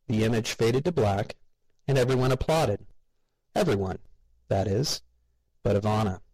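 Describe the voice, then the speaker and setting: A man narrating an audiobook in a measured, wry way. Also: lowish voice, lively intonation, darkish tone, no room sound, rough recording.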